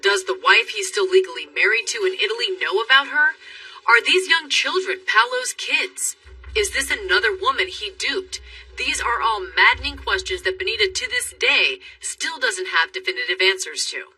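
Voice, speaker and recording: A woman narrating a documentary in a measured, dramatic tone. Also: mid-range voice, lively intonation, pushed and bright. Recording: distant mic with faint music.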